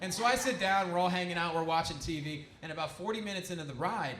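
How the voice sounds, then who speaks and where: A man's voice: sits high, quick pace, fairly bright tone. A man telling a loose, chatty stand-up comedy story, full of "like" and asides. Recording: echoey room.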